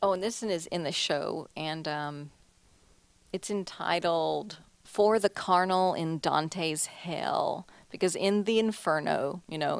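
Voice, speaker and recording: A woman artist talks casually about her paintings. Her voice sits low and the sound is close and dry, with no room around it. She chats along loosely, often laughing and restarting her sentences. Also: dry recording. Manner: chatty, laughs often, many restarts and "you know". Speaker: artist giving a talk. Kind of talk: casual gallery talk. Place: museum lecture hall.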